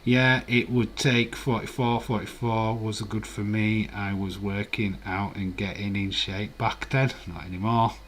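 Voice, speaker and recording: A man's voice: on the low side, steady tone, measured pace, few pauses, fairly bright tone, a little hiss or hum. A man in his forties hosts a live watch-along stream. He chats casually, reads viewer comments aloud and rambles with filler words.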